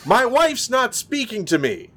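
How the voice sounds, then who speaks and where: Man playing an indignant pet shop customer, high complaining voice, insistent. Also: sing-song, unhurried, sharp tone, full character voice. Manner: raised, complaining pitch.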